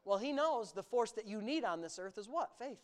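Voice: medium pitch, expressive, brisk. A preacher from the United States delivering a sermon, talking emphatically, stretching words for emphasis and adding sarcastic asides.

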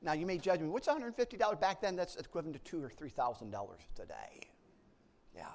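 A man preaching, telling a story from his own life, swinging between hushed low passages and loud excited outbursts, often repeating words as he restarts. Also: fairly quick. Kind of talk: sermon storytelling.

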